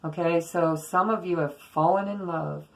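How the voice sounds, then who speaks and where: A woman's voice: lowish voice, fairly even intonation, normal speed, vocal fry, low-quality recording. A woman doing a casual tarot reading, giving blunt and earnest spiritual advice with the odd swear word. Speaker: tarot reader.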